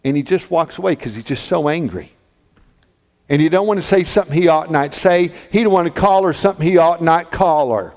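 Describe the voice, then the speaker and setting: A male pastor delivers a sermon as vivid storytelling, acting out the characters' lines. His voice sits high for a man. The sound carries a long reverb, as in a church sanctuary. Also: brisk, a little mellow. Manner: dramatic retelling, voicing characters in quotes.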